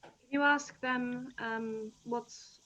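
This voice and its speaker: A woman's voice: a little high, steady tone, extremely slow, bright, forceful tone, lo-fi sound. A woman playing a tabletop game in casual chat, hesitant with ums and restarts. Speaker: player.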